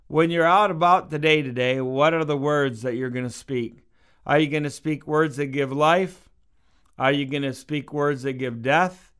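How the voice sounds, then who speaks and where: A man giving a radio sermon, telling a personal story in an earnest, gentle way and slowing down on key phrases. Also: fairly high pitch, clean tone. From Canada. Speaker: radio preacher.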